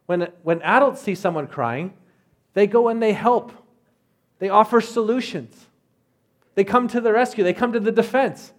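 A man's voice: high voice, normal speed, pauses often. A man in his thirties preaching a sermon as a pastor, in a conversational way with rhetorical asides.

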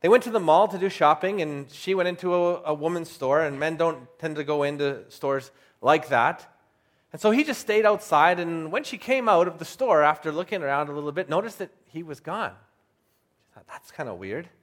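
Higher-voiced pastor man preaching. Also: expressive. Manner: storytelling, slows down to stress key words; conversational with filler restarts. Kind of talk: sermon.

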